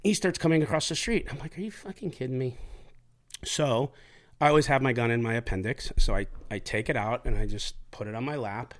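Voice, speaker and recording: A middle-aged man, a former police officer hosting a show, telling stories in a blunt, profane, animated way. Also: mid-range voice, fairly quick. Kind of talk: casual storytelling chat.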